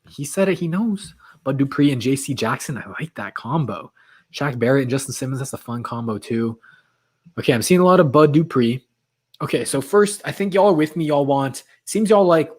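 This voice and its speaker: A man hosting a late-night livestream, chatting casually with viewers and reading their comments aloud while his voice is getting worn. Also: mid-range voice. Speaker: livestream host.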